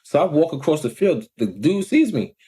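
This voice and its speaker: A man, telling a story in a casual, animated vlog rant and often checking in with the listener. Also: on the high side, moderate pace. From Long Island, New York. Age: 40s. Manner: animated, acts out quoted voices, frequent "you know what I'm saying". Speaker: vlogger.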